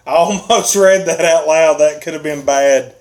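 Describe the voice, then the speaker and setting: While reading his chat out loud on a casual live stream, a male host frequently chuckles at viewer comments. He speaks unhurriedly in a slightly mellow voice on the high side.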